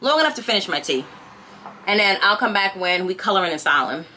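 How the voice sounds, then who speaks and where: A woman's voice: medium pitch, lively intonation, a little fast, sharp tone, a little hiss or hum. A woman vlogger chatting at home in a casual storytime, retelling events animatedly and firing rhetorical questions at her viewers. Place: home, by a window.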